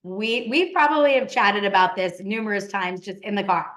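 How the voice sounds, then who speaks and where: A woman's voice: mid-range voice, moderate pace, a bit bright. Emphatic woman interview host. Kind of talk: casual interview talk.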